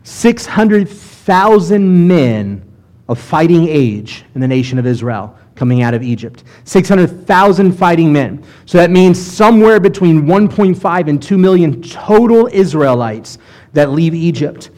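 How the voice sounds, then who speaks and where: A middle-aged man preaching a sermon as a rabbi, with animated delivery and sudden loud bursts of emphasis when voicing quoted lines. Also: fairly high pitch, normal speed.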